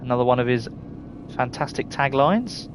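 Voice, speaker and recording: Over a noisy background, a middle-aged man from England streams a game and chats casually with his viewers, reading their names and often laughing. He has a Surrey accent and a mid-range voice with lively intonation at a moderate pace.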